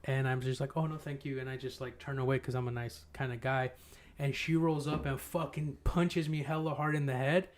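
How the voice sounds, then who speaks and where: Host, male, 30s, mid-pitched, loose and profane storyteller who laughs often. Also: steady tone, a little fast. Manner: profane, laughs through his own stories. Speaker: podcast host. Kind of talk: casual chat, swapping stories.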